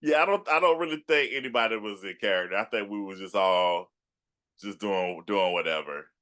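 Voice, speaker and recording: A man's voice: lowish voice, brisk, fairly bright tone. A man hosting an interview show, reminiscing in an easygoing, rambling way. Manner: easygoing, rambling with fillers and restarts. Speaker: podcast host. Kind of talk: casual interview chat.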